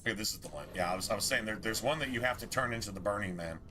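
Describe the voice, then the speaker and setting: A man's voice: lowish voice, very fast, noisy background. A man streaming a game, rambling casually with a lot of swearing and exasperation. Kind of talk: casual gameplay commentary.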